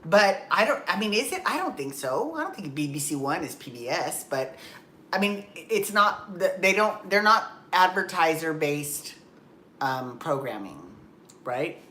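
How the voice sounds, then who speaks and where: Low-voiced woman rambling in a vlog. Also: very animated, unhurried, sharp tone, echoey room, a little hiss or hum. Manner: rambling, self-correcting, candid and swears. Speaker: vlogger. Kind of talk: casual chatty vlog. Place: home, just out of the shower.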